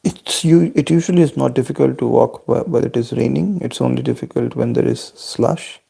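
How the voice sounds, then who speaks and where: Man vlogging a family video call; deep fry, husky, steady and courteous. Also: a little fast. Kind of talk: casual chat answering family questions.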